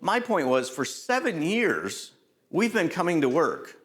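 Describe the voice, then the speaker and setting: A man's voice: a little high, a little slow. A middle-aged man giving a conversational safety lecture, quizzing the audience and tossing in "right?" as he tells stories from the job. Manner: storytelling with lively anecdotes. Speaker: safety trainer.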